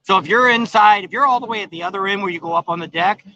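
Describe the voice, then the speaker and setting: A middle-aged man rambles in a folksy, easygoing way to his livestream viewers from an outdoor patio. His voice is bright and sits a little high. The phone stream sounds dull and lo-fi. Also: fast talker. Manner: rambling, folksy, many fillers. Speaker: vlog host. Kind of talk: casual livestream chat.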